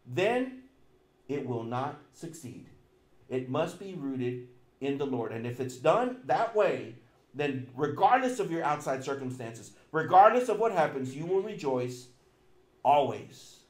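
Middle-aged male pastor, emphatic sermon delivery, slightly high voice, roomy church echo. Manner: emphatic preaching with repetition and sudden loud and soft swings.

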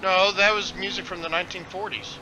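A man's voice: sits high, steady tone, brisk, dull audio, a crowd in the background. A man hosting a casual gaming voice chat who jokes around and makes silly noises. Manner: joking, playful, does silly sound effects. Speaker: gaming channel host. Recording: noisy voice chat background.

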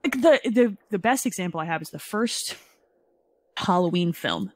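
A middle-aged woman with a slightly low voice chats on a podcast, wry and self-mocking, tossing in quick asides. The recording is dry and close, with no room sound. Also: animated, no echo. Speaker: podcast guest. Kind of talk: casual chat.

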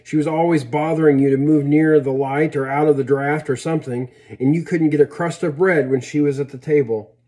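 Man reading old grandfather, dry teasing, mellow tone, plainspoken, storybook. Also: fairly high pitch, steady tone, a little fast, few pauses, close to an everyday voice.

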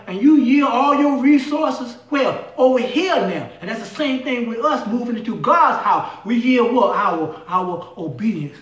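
A man preaching a fiery call-and-response sermon, shouting questions and then dropping low. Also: animated, unhurried, few pauses, recorded from a distance. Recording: echoey room, voice from off-mic.

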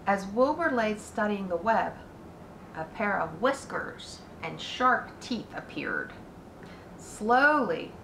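A woman teacher reading a children's book aloud in an expressive, unhurried way. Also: medium pitch. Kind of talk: storybook read-aloud. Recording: echoey room.

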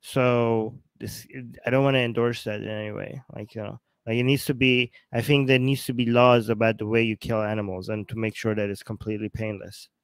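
A man's voice: fairly low pitch, little pitch movement, fairly quick, hardly any pauses, clear, resonant tone, no echo. A man hosting a casual talk show, rambling and searching for words as he gives his opinions. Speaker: show host.

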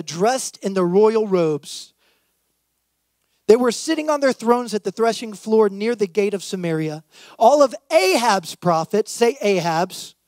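A man, a youth and worship pastor, preaching a sermon and reading scripture aloud with lively, acted-out emphasis. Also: high voice, no echo.

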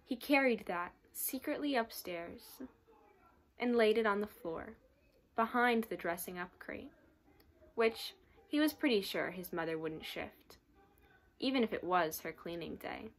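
A woman student reading a children's novel aloud with steady, expressive storytelling. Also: mid-range voice, measured pace. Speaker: student reader.

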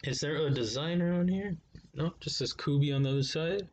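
A man's voice: a little high, fairly quick, a little mellow, slight background noise. A man reviewing knives in a casual unboxing vlog, talking to viewers in a laid-back, slangy way. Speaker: knife reviewer.

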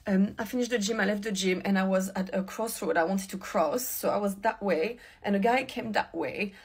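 A woman's voice: mid-range voice, fairly quick, slightly rough. A woman telling a personal story to camera in an agitated, rambling way.

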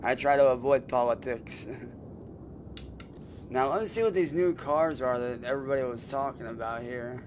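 A man's voice: mid-range voice, moderate pace, slight background noise. Casual young man streaming a game. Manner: loose, swearing, mocks trolls, excitable about cars.

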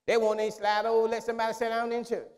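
A man's voice: very high voice, completely flat delivery, rapid-fire. A male pastor preaching a sermon in a conversational, repetitive style.

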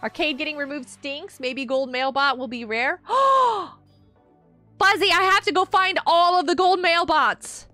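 Bright, excitable streamer woman. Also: high-pitched, measured pace, no echo, faint music behind. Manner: excitable, gasping and exclaiming, talking to chat. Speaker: gaming streamer. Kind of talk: live gameplay commentary chatting with viewers.

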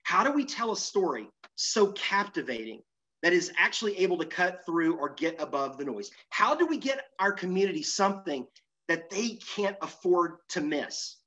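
A middle-aged man giving a lively, self-deprecating conference presentation, moving around as he speaks. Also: high voice, moderate pace. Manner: animated, self-deprecating, moves around while talking. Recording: muffled, lo-fi sound.

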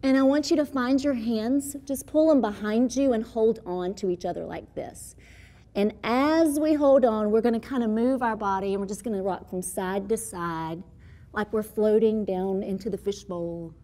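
Leading a kids' yoga class, a woman who teaches children's movement classes walks small children through animal poses. She's cheerful and encouraging and keeps her words simple. Her voice is medium in pitch with a dark tone, at normal speed.

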